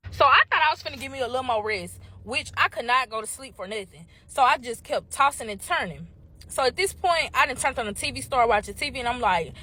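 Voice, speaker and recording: Woman, storytime vlogger; bright and forceful, a bit high, chatty and swearing freely. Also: a little hiss or hum. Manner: chatty, profane, addresses viewers as y'all. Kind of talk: casual storytime vlog.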